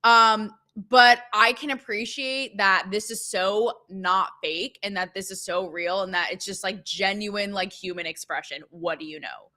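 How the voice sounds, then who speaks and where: A young woman hosting a casual opinion show, chatty and sarcastic, with many fillers and quick asides. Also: medium pitch, steady tone, pushed and bright. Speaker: show host.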